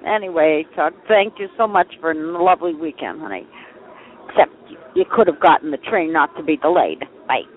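Sex: man. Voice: high. Style: voicemail over a phone line. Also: lively intonation, normal speed. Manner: casual, affectionate, grumbling. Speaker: caller leaving voicemail. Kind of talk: voicemail messages. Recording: phone line with faint noise.

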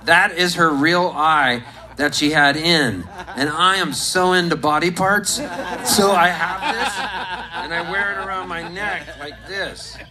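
A man performing live, telling a rambling, deadpan story to an audience and breaking into laughs now and then. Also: a little high, a little slow, rough recording. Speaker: musician and comedian on stage. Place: stage at a live show. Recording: live recording with loud crowd. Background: audience laughing, guitar.

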